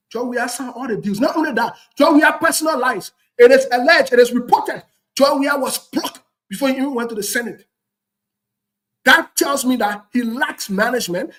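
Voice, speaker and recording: Heard over poor audio, a Liberian English-accented talk show host speaks in a very high, fairly bright voice. His political commentary is heated, and he lectures emphatically, repeating himself.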